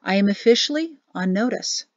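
A woman's voice: mid-range voice, expressive, a little fast, no room sound, close to an everyday voice. A woman reading as a brave young army captain in a storybook, speaking plainly and with a teasing lightness. The sound is dull and lo-fi, and close and dry.

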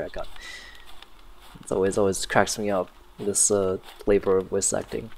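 A man's voice: low voice, level tone, moderate pace, gravelly, a little mellow, poor audio. A man giving sarcastic, jokey commentary while playing a horror game. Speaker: gaming youtuber.

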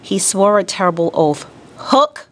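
Teacher lady reading a kids chapter book aloud, kinda low voice, lots of expression. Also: slight background noise. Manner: expressive, deliberate storytelling. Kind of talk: classroom read-aloud.

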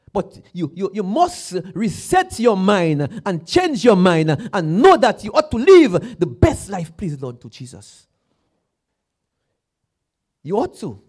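A man from Dominica, preaching a sermon, repeating his phrases and building to loud exclamations. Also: high voice.

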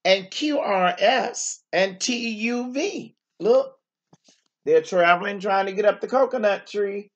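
A woman's voice: mid-range voice, takes it slowly, lo-fi sound. A woman teacher reading a picture book aloud to young children, stopping often to exclaim and to ask them questions.

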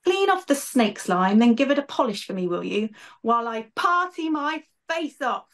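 A woman's voice: fairly high pitch, sing-song, normal speed, a bit bright, voice pushed up. A woman voicing a boastful, melodramatic young woman guardian of a castle, reading aloud from a storybook. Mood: triumphant. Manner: overacted dying gasps.

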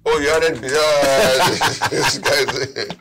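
A man hosting a casual chat, relaxed and reading game cards aloud. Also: mid-range voice, drawn-out words, loud music behind the voice. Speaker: host.

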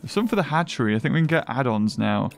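A young man giving chatty, excitable gameplay commentary and thinking aloud as he plays. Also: mid-range voice, fast, vocal fry, soft background music. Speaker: gaming video host.

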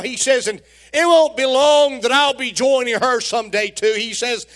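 A pastor with a very high-pitched, fairly bright voice preaches a sermon at moderate pace in a church sanctuary. He tells folksy stories, jokes with the congregation, and often repeats his words.

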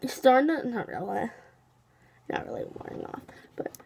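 A woman's voice: on the high side, sing-song, normal speed, gravelly, a little mellow, a little hiss or hum. A teenage girl vlogging casually after the dentist, her mouth still numb, rambling with lots of fillers and counting aloud. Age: teens. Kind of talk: casual vlog to camera.

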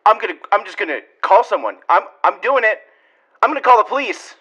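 Casting: man as a whiny, exasperated homeowner, high and bright, comedic dub with lo-fi sound. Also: animated, brisk, husky, exaggerated voice. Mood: irritated. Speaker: dubber. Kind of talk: comedic overdub of a silent film.

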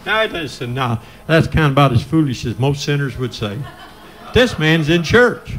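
A man's voice: a little high, very animated, moderate pace, fairly bright tone. An older man with a Midwestern American accent preaching a folksy revival sermon in church, breaking into cries of praise. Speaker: pastor. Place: church sanctuary.

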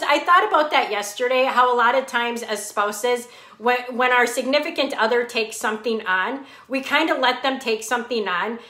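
A woman's voice: fairly high pitch, pushed and bright. A woman hosting a casual live fitness chat, greeting viewers by name and laughing often. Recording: echoey room.

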